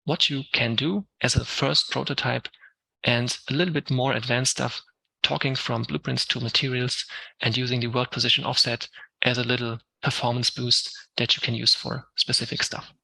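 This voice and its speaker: Man, German accent, software instructor, live tech talk, explains step by step, gravelly voice, dry close sound. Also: mid-range voice, steady tone, moderate pace, no room sound, poor audio. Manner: explains step by step, many ums, answers questions. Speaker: Unreal Engine instructor.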